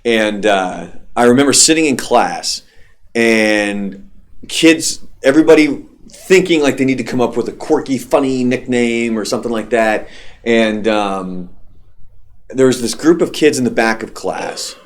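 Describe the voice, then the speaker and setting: A man's voice: mid-range voice, measured pace. A young adult man, a radio host, telling stories in casual, profane chat. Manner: loose, profane storytelling.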